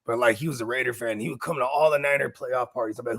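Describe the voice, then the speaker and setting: A man's voice: mid-range voice, quick pace, fairly bright tone, no room sound. A man co-hosting a casual sports chat, talking in loose, slangy, laughing banter. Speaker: co-host.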